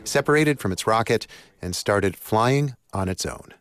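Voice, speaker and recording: A man with a fairly low voice reads a radio news story. His delivery is measured and clear. The studio sound is dry. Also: lively intonation, a bit bright, no room sound. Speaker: news reporter. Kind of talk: scripted radio news narration.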